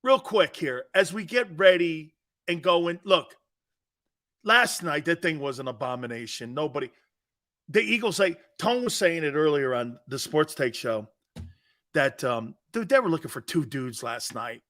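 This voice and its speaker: Brash, animated male sports talk host. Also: on the high side, normal speed. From Italian-American.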